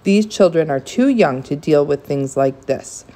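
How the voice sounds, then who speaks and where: A woman reading aloud voices a gentle, measured male school director. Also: sits low, expressive. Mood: calm.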